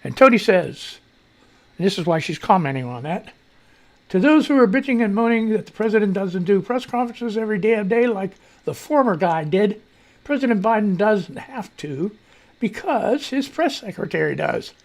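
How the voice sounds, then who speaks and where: Animated, gravelly male news ranter. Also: sits high, moderate pace. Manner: loose, profane, animated ranting. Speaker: talk show host. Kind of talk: casual live news commentary.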